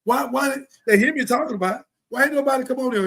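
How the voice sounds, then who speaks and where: A middle-aged man hosting a live show, delivering a preachy, impassioned monologue full of scripture and rhetorical questions, swinging from loud outbursts to low mutters. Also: quick pace, poor audio. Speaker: host of a live talk show.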